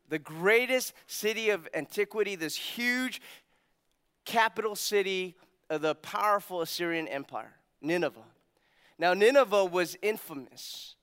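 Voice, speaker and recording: Pastor, male, high smooth voice; animated sermon delivery with acted-out quotes and quiet emphatic drops. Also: a little slow.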